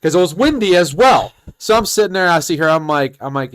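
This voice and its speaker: A man on a casual podcast, telling a work story in an animated, profane way. He breaks into laughs often, and his voice sits a little on the high side. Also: a little fast. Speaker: podcast host.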